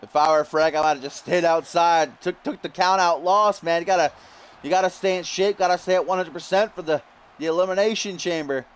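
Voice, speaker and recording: Male play-by-play commentator for a wrestling video game, higher voice, jokey and prone to sudden shouting. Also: a little fast, clear, resonant tone. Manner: jokey, yells in sudden excitement.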